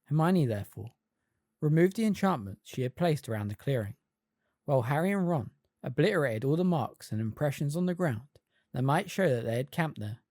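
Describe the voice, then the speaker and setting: A fan reader narrating an audiobook with expressive storytelling. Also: medium pitch, a little fast, dry recording, clean studio sound. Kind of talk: scripted narration.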